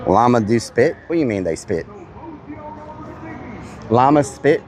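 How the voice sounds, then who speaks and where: There's a crowd in the background as a man with a medium-pitched, sing-song voice talks at a measured pace. Hosting a casual livestream outdoors at a petting zoo, he goofily teases the animals and bleats at them.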